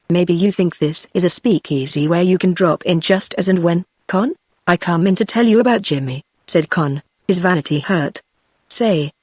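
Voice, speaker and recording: A text-to-speech voice reading a gangster novel aloud, narration and dialogue alike in one even synthetic delivery. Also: medium pitch, no room sound, studio quality.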